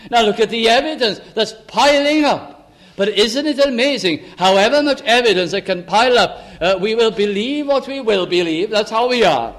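An older man preaching a sermon into a microphone, fervent, rising to emphatic exclamations and dropping to soft asides. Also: sits high, animated, moderate pace. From Lancashire, England. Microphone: amplified microphone.

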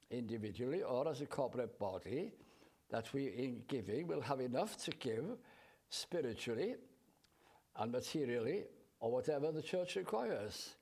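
A man preaching a sermon in a slow, measured way, drawing out his scripture quotes. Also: medium pitch, very animated, creaky, darkish tone, slightly rough.

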